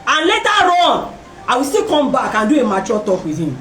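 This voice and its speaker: A woman hosting a talk, telling a personal story in a lively way and acting out the voices of other people. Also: a little high, a little fast. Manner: animated, acts out voices in her story, laughs often. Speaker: host. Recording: roomy and distant from the mic.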